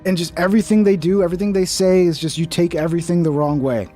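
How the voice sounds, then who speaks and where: Young male streamer, slightly high voice, casual skeptical reactions. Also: steady tone, quick pace, dark tone, faint music behind. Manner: casual, skeptical, swears freely. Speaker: commentary streamer.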